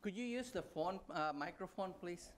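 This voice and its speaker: A man moderating a university lecture's question session, brisk and lightly joking. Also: sits high, animated, slight background noise. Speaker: event moderator. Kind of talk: hosting a lecture Q&A.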